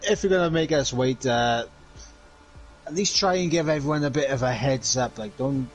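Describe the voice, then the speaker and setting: A man's voice: medium pitch, moderate pace, soft background music, rough recording. A man co-commentating live on an esports race, hesitant and full of "uh"s. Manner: hesitant, many "uh"s.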